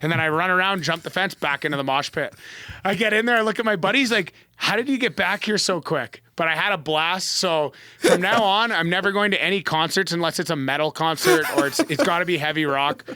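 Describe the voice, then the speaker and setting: A man with a fairly high, bright voice tells a story on a podcast in an animated, casual way, leaning on "like" as filler. He is recorded close to the mic in a dry, dead room. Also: fast, dry recording. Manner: animated, heavy use of "like" fillers. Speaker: pro athlete guest.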